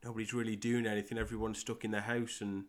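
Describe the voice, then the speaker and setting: A young man with a West Midlands English accent, hosting a solo soccer podcast and talking in a halting way with many fillers and repeated words. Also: lowish voice, flat delivery. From England. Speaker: podcast host and soccer coach.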